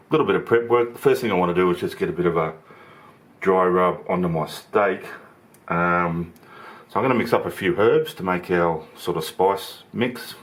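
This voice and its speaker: Low-voiced man hosting a relaxed cooking demo. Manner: relaxed, chatty, talks through each step. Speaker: home cooking channel host. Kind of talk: casual cooking demonstration. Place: home kitchen.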